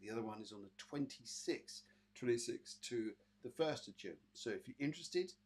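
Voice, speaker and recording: A British man with a mid-range, slightly mellow and slightly rough voice hosts a live online psychic show, speaking expressively at a moderate pace. As a psychic medium, he chats casually with viewers, calls them by name and gives readings full of fillers.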